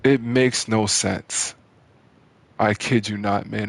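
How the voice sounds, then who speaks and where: A man's voice: lowish voice, steady tone, takes it slowly, creaky. A man ranting in exasperation over his gameplay, swearing and repeating his complaints. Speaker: gaming channel host. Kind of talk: frustrated gameplay commentary.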